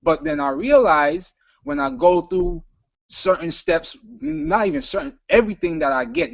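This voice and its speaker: A man's voice: sits high, vocal fry, no room sound, highs cut off. A man with a Caribbean island accent, speaking emphatically and repeating himself as a business panelist giving a motivational talk. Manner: emphatic, repetitive, preachy.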